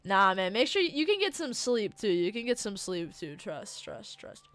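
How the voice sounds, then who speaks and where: Lively, rambling woman streamer. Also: mid-range voice, moderate pace, dry recording. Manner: rambling, distractible, bursts into loud excitement. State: tired from the late hour. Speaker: livestreamer. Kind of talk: casual late-night chat with viewers.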